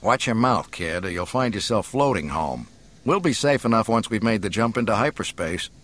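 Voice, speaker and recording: A man's voice: on the low side, lively intonation, fairly bright tone. A man voicing brash cocky space pilot Solo. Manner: brash, quick-tongued. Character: cocky young male starship pilot. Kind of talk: audiobook character reading.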